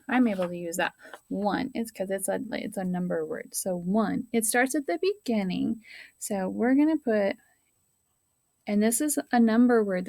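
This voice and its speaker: A woman teacher modeling a writing lesson for young children, talking slowly and sounding out words and counting aloud. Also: medium pitch, gravelly, a little mellow, no room sound.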